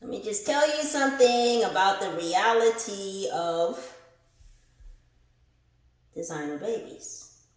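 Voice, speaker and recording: Slow-talking tarot reader woman, echoey room. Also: mid-range voice. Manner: animated and laughing, swears freely, addresses viewers as collective. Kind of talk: casual spiritual reading.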